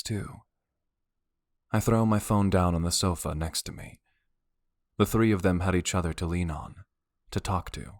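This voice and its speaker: Man reading a romance audiobook in first person, really deep voice, wry and broody, dry close mic. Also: no echo. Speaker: audiobook narrator.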